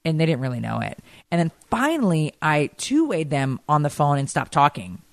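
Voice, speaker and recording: A middle-aged woman co-hosting a podcast, telling stories in animated, chatty conversation. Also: low-pitched, normal speed, vocal fry, no echo. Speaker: podcast co-host. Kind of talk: casual chat.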